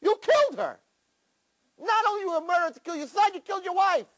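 A man voicing a spiteful male Satan who shouts accusations in a high, strained voice. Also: lively intonation, quick pace. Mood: accusing.

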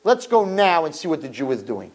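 A man's voice: on the high side, very animated, brisk, pitched above the performer's own voice. A man voicing a jealous, scheming male courtier who accuses and sneers. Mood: scornful.

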